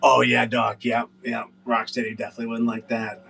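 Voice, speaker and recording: A man's voice: medium pitch, completely flat delivery, a little fast, vocal fry, a bit bright, far from the mic, faint music behind, rough recording. A man hosting a casual livestream, rambling and cursing with lots of fillers. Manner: rambling, profane, filler-heavy. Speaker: livestream seller host.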